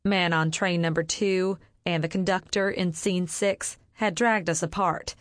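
Woman, audiobook narration, measured, fairly low voice, dry studio sound. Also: no echo. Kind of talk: scripted narration.

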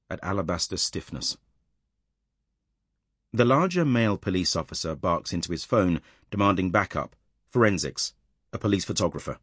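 A man narrating an audiobook in a measured, tense storytelling manner, recorded close in a dry studio. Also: low voice, husky, dry recording.

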